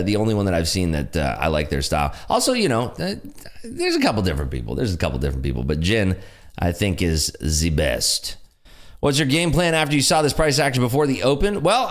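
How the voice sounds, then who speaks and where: A man with a loud, projecting voice hosts a casual day-trading livestream. His pitch swings widely as he reads out and answers viewer comments. He is upbeat and eager, with a voice made to fill a room. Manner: lively, enthusiastic, frequent laughs.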